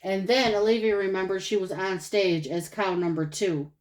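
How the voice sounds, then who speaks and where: A woman narrating a children's storybook aloud. Her voice sits at an average pitch, and her reading is expressive and animated. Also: normal speed, low-quality recording. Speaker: storybook reader.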